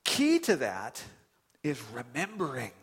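A man preaching a sermon as pastor, animated and conversational, with sudden loud outbursts. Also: on the high side, takes it slowly, slightly rough.

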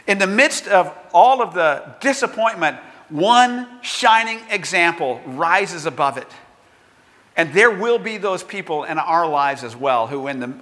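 An older man preaching a sermon in an earnest, conversational way, acting out quotes with lively energy. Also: sits high, in a large hall. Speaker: pastor.

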